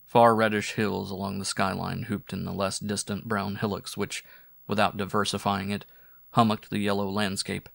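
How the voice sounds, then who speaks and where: A man narrating a weird-fiction audiobook in measured, descriptive storytelling. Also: lowish voice, flat delivery, creaky, fairly bright tone, no room sound, studio quality. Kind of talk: scripted narration.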